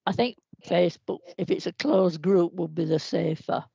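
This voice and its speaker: A woman chairing a council board meeting, giving warm, effusive thanks. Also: lowish voice, normal speed, vocal fry, husky, dry recording. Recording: slightly muffled livestream audio.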